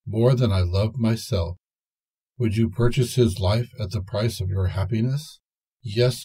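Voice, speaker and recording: A man's voice: on the low side, warm tone, slightly rough. A man voicing Violet, a devoted young girl in a fairy tale, speaking in a raised, earnest and pleading way.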